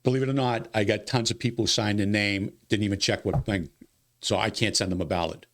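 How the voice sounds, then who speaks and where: A man who runs a city's elections, explaining voting rules in a casual studio interview, talking quickly and with animation, repeating himself when exasperated. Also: on the low side, steady tone, fairly bright tone. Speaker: city elections director. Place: local TV studio.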